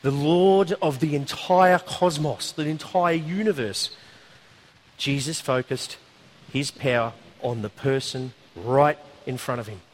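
A man preaching a sermon, telling a story in a conversational, animated way with asides. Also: medium pitch, a little slow.

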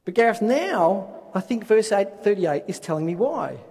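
A man's voice: high-pitched, sing-song, normal speed, a little mellow, slightly rough. A man preaching a sermon, asking rhetorical questions and reading scripture aloud. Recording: long hall reverb.

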